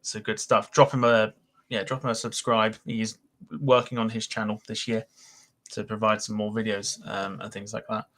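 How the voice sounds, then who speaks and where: A man's voice: fairly low pitch, little pitch movement, normal speed, a bit bright. A man hosting a live aviation podcast stream, chatting loosely with lots of fillers while reading out viewer messages. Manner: chatty, rambling with many fillers. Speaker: podcast host.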